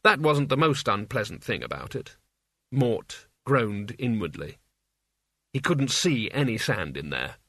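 A man reading an audiobook as its narrator, in an even, measured storytelling manner. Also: mid-range voice, dry recording, clean studio sound.

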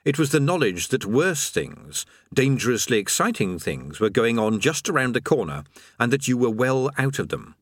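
A man reading a comic fantasy novel aloud as an audiobook narrator, with dry expressive storytelling. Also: medium pitch, normal speed, dry recording. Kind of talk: scripted narration.

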